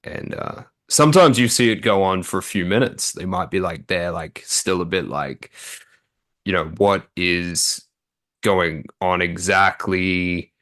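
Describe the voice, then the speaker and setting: A young man working as a dating coach, explaining in a relaxed, casual way with many fillers. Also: low-pitched, moderate pace. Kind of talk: casual interview talk.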